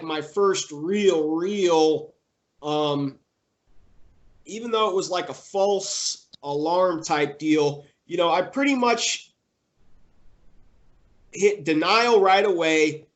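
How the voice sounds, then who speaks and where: A young man being interviewed, telling a personal story in a halting way with many fillers and restarts, getting emotional. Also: fairly high pitch.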